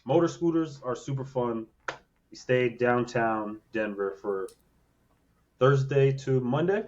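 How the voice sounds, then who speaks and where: A man's voice: mid-range voice, animated, slow pace, darkish tone, a little hiss or hum. Laid-back man on a lo-fi podcast mic. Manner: laid-back storytelling, swears casually. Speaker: podcast co-host. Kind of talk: casual chat.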